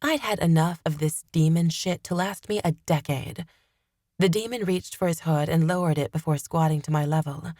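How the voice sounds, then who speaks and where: A woman reading first-person fantasy narration in a steady, measured way. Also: deep voice, no echo, clean studio sound. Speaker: audiobook narrator.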